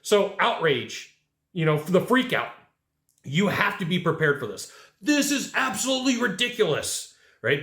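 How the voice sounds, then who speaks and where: Animated sales coach, roomy echo. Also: male voice, a little high. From California. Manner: animated, acts out customers' lines. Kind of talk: energetic coaching monologue.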